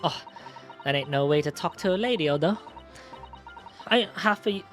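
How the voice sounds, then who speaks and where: A man's voice: on the high side, lively intonation, normal speed, fairly bright tone, faint music behind. A man doing a brash Cockney street girl. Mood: cocky. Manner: brash, cocky. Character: cheeky young female East End pickpocket.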